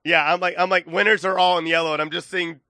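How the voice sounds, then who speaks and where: A man's voice: high-pitched, flat delivery, quick pace, bright, forceful tone, no room sound, studio quality. A man on a podcast, rambling and self-deprecating, chuckling as he talks. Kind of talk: casual podcast banter.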